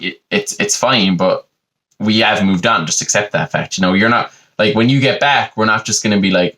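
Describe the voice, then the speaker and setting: A man's voice: on the low side, expressive, normal speed, sharp tone. A man with an Irish accent hosting a podcast, telling a digressive comic monologue full of "you know" asides. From Ireland. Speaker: podcast host.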